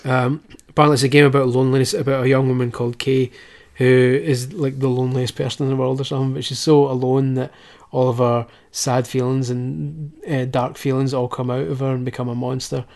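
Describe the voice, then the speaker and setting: Male podcast host, casual and sarcastic, swears freely, mid-pitched. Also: flat delivery, fairly quick, creaky, few pauses, darkish tone. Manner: sarcastic and swearing, laughs often. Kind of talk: casual chat.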